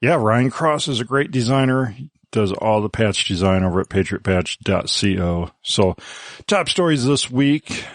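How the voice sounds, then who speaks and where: A man's voice: fairly low pitch, expressive, no room sound. Dry-voiced joking podcast host, a man. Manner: brisk, joking, reads ad copy quickly. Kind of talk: casual panel chat.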